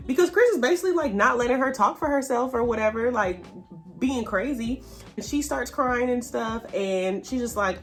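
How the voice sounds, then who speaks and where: A woman casually recapping a reality show, chatty and animated, acting out what people said. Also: normal speed, faint music behind. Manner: chatty and animated, reenacts quotes with pitch jumps. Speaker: YouTube TV recap host.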